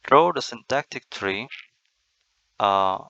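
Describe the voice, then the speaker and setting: A man's voice: mid-range voice, expressive, takes it slowly, creaky, bright, forceful tone, no echo, muffled recording. A man teaching in a screen-recorded lecture, explaining step by step and often restarting his words, recorded close to a desk mic.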